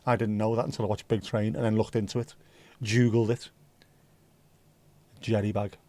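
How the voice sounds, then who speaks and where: A man's voice: on the low side, flat delivery, normal speed, warm tone. A tired man hosting a casual livestream, rambling and reacting to chat with the odd swear word. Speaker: livestream host.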